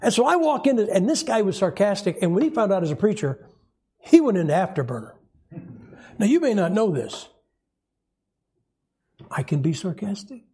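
Middle-aged pastor, husky, high-pitched man, wry storyteller sermon. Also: fairly quick. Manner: storytelling preacher, animated and wry.

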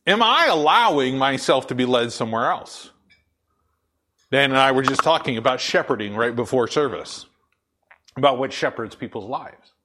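Deep-voiced man preaching a casual sermon. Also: animated, normal speed, sharp tone. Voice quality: deep, full radio-style voice. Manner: conversational storytelling, many fillers and restarts. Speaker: pastor.

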